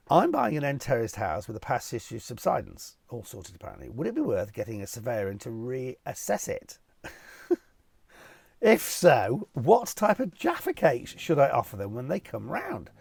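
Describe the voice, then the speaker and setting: A man's voice: mid-range voice, vocal fry, a little mellow, slightly rough. A cheerful middle-aged man hosting a casual Q&A, reading out viewer questions and answering them in a jokey, chatty way. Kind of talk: casual Q&A video.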